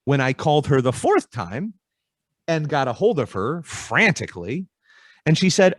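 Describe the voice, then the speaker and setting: A man's voice: on the high side, very animated, normal speed, dry recording. A man speaking as a podcast guest, explaining ideas in a conversational way and acting out little dialogues with changing voices.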